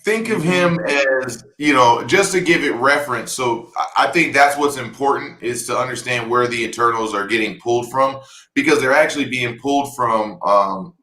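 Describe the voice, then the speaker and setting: A man's voice: mid-range voice, normal speed, pushed and bright. A man co-hosting a casual comic book chat, explaining things and teasing the others. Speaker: podcast co-host. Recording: roomy echo.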